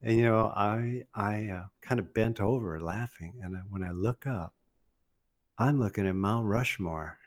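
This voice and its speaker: Older guy telling a story, lowish voice, keeps laughing at himself, does the other guys' lines. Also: measured pace. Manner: laughs often while telling, acts out quoted voices. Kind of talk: animated personal storytelling.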